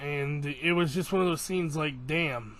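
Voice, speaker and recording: A man giving a casual, excited episode recap as an anime reviewer, swearing freely and acting out scenes. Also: on the high side, a little slow.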